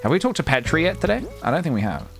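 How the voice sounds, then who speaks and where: A man chats with his stream audience in a relaxed, rambling way, often laughing and humming little tunes. His pitch bounces around a lot. Soft game music plays faintly under his voice. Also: very fast, vocal fry. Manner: chatty and meandering, laughing, humming tunes to himself. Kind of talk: casual gameplay livestream chat.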